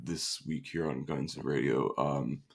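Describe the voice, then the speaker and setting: Tired, gravelly joking podcast host man. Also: rumbling low, steady tone, measured pace. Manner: joking, laughs often. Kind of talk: casual chat.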